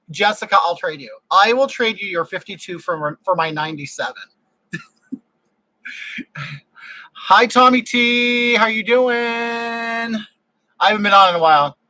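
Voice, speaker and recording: A man's voice: sits high, bright, forceful tone, dry recording, poor audio. A man hosting a casual livestream from his home, chatting in a gushing, exclamatory way with viewers into a desk microphone. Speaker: livestream host. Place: home room with air conditioning.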